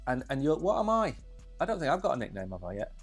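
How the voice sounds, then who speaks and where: Lively chatty man with music behind. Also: mid-range voice, quick pace, slightly rough. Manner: chatty, joking, animated. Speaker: co-host of a crypto stream. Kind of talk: casual chat.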